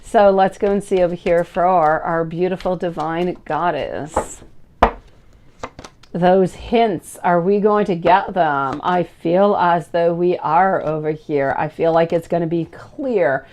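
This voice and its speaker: A woman's voice: fairly low pitch, takes it slowly, darkish tone, slight background noise. A woman in her thirties giving a live-stream tarot reading in a chatty, affectionate way, calling viewers sweetie and beautiful. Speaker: tarot reader.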